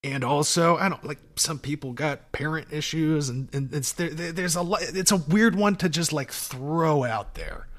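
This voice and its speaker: Bright-voiced man in casual chat. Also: fairly high pitch, normal speed, hardly any pauses. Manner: laughing, profane, rambling with restarts. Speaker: podcast co-host.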